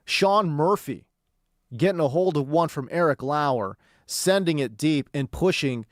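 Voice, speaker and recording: A man's voice: a little high, animated, a little slow, dry recording, clean studio sound. A man hosting a sports talk radio show, talking in a slangy, sarcastic way. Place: radio studio.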